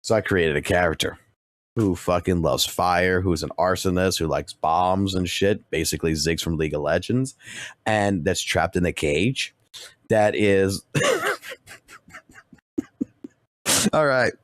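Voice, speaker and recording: A man's voice: sits low, sing-song, slow, pauses often, no room sound, studio quality. Profane rambling male streamer. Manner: profane, rambling, constant swearing. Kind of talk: casual stream chat storytelling.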